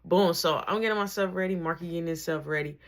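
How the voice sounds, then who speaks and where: A woman telling a personal story in a casual, slangy way, with animated bursts and drops to near whispers. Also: on the low side, quick pace.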